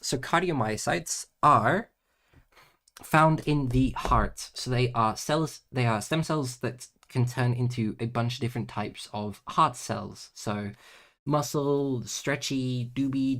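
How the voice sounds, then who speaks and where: A man's voice: mid-range voice, takes it slowly. Man muttering through homework on stream. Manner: mutters to himself, playful nonsense words, chats with viewers; drifts between loud bursts and quiet mumbling. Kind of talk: casual livestream chat.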